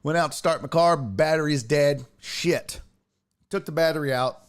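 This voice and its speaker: A sports podcast host speaks in a clear, resonant voice that's a little high, at a moderate pace. On his casual livestream chat he rambles profanely and laughs through his stories about sports talk.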